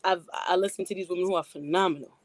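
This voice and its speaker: A woman's voice: on the low side, fairly even intonation, fast, no echo. A woman with a New York accent, a rapper guest in a casual radio interview, chatty and laughing often. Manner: chatty, laughs often, many "you know"s. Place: radio studio.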